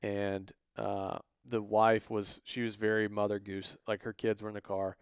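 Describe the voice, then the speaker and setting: A man's voice: fairly low pitch, measured pace, creaky, clean tone, no echo, clean studio sound. A man, co-hosting a podcast, telling a story in a casual way and acting out the people he quotes. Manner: animated, acts out quoted voices. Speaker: podcast co-host.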